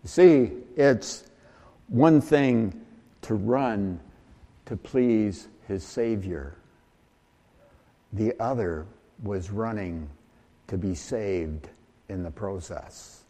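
A male preacher delivers a sermon in a slow, unhurried cadence, often restarting his phrases. His voice is mellow and relaxed, and a long reverb from a large hall trails behind every word. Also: lowish voice. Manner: slow, halting delivery with many restarts and fillers. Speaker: pastor.

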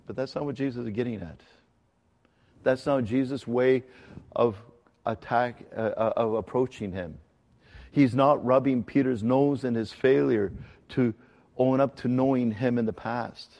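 Pastor, man, conversational sermon delivery, gravelly voice, long hall reverb. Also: medium pitch, warm tone. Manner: conversational, earnest teaching with emphatic slow stresses.

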